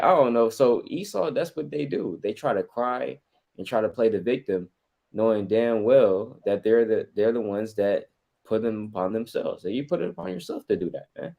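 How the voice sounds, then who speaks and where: A man with a low voice adds a point in a casual, conversational way. He talks in loose runs full of fillers and quick asides. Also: warm tone. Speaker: fellow street teacher. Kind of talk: casual commentary.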